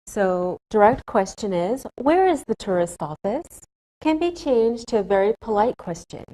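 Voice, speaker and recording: Slow, carefully spoken woman teacher. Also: mid-range voice, very animated, warm tone, low-quality recording. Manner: slow, careful, clearly enunciated. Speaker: English teacher. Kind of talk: scripted classroom lesson.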